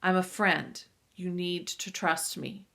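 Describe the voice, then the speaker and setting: A woman voicing a calm, mysterious woman rescuer who speaks low and quietly in a storybook reading. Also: takes it slowly, gravelly, exaggerated voice.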